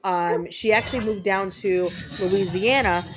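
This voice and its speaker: Woman streamer, mid-pitch, casual rambling chat over gameplay, faint game music underneath. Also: a little slow, poor audio. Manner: chatty, upbeat, many ums. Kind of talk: casual chat while gaming.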